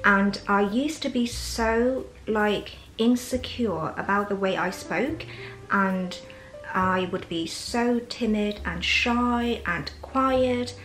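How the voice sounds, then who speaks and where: A woman from China speaking English with a learned British accent, talking candidly and reflectively as a vlog host, with soft fillers and a Chinese mother tongue. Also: medium pitch, steady tone, slow. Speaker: English teacher and channel host. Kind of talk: casual personal vlog monologue. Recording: roomy echo with faint background music.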